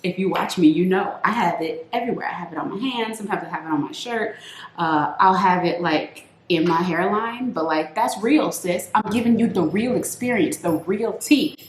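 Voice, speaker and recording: A woman's voice: lowish voice, moderate pace, echoey room, a little hiss or hum. A woman beauty vlogger chatting playfully through a makeup routine, calling her viewers sis. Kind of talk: casual makeup tutorial chat.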